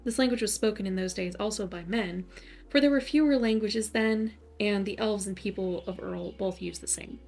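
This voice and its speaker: A woman storyteller reading a fairy tale at bedtime. Her delivery is soft and soothing, with a gravelly, fry-touched texture at mid pitch. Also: normal speed, faint music behind. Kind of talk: gentle bedtime story narration.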